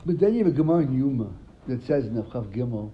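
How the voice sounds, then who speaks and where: A man's voice: medium pitch, animated, quick pace. A man teaching a Talmud class, quizzing his students and retelling stories animatedly, often repeating words. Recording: dull lo-fi sound, faint room ambience.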